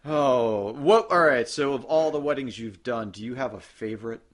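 A man's voice: medium pitch, normal speed. A man hosting a comedy podcast, playful and laughing often as he talks with a caller. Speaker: podcast host.

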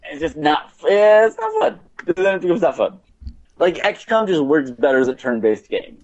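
A man's voice: fairly high pitch, wildly swooping pitch, moderate pace, a little mellow, highs cut off. A man chatting casually about video games on a podcast, rambling with lots of fillers and restarts.

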